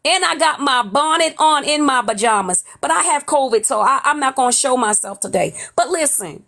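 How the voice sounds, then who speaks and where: A woman's voice: high-pitched, animated, normal speed, creaky, a bit bright. A woman from New York hosting a livestream, putting on a Southern accent and talking in a blunt, sassy way, swearing freely as she comments on gossip from home. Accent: put-on Southern drawl. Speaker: livestream host. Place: at home, off camera.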